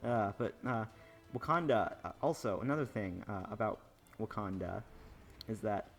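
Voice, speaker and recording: A man's voice: on the low side, animated, moderate pace, soft background music. A young man casually commenting on a video game as he plays, rambling through lore with lots of fillers and restarts. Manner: rambling, filler-heavy storytelling. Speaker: gaming YouTuber. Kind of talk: casual let's play commentary.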